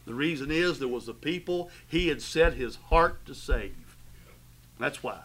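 A man preaching a sermon, fervent, swelling loud and dropping low as he drives his points home. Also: unhurried, poor audio. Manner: fervent preaching with sudden swells and drops in volume. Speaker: pastor.

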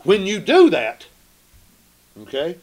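A man preaching a sermon, emphatic, asking the congregation rhetorical questions and slowing down to read scripture. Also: high voice, huge pitch swings, darkish tone.

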